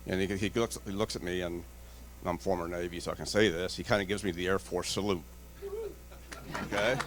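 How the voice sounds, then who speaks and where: A man's voice: mid-range voice, fairly bright tone, slight background noise. A man on a conference panel, blunt and joking, telling stories and acting out the dialogue in them. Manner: storytelling, acts out dialogue in quotes. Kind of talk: panel discussion. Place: conference stage.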